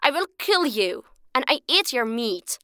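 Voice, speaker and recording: A woman's voice: sits high, big pitch swings, measured pace, sharp tone, clear, resonant tone, no room sound, studio quality, exaggerated voice. A woman playing a greedy, demanding rich man. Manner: demanding, scornful. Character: greedy rich man, impatient and quick to anger.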